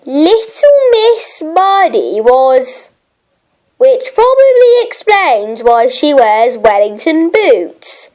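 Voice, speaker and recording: A woman narrating a children's storybook, reading slowly and expressively. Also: high voice, very animated, darkish tone, rough recording.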